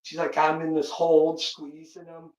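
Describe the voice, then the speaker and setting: A man live-streaming a home workout, counting reps aloud and telling animated family stories in casual chat. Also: on the high side, moderate pace, dull audio. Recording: roomy echo.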